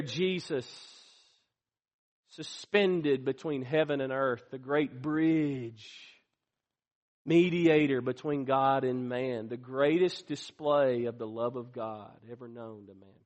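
A man preaching a sermon as pastor, swinging from hushed to loud. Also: medium pitch. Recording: long reverb of a large hall.

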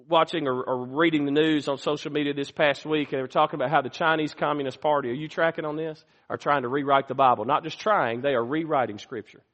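Preaching pastor in a reverberant hall. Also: male voice, fairly high pitch. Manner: preaching with sudden swings from hushed to loud. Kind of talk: sermon. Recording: long reverb of a large hall.

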